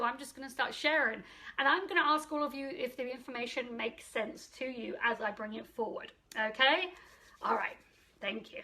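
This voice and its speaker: A middle-aged woman with a high, bright voice talks casually into her phone on a live stream. She greets viewers by name and answers their comments out loud as she goes. She is a psychic medium hosting the stream.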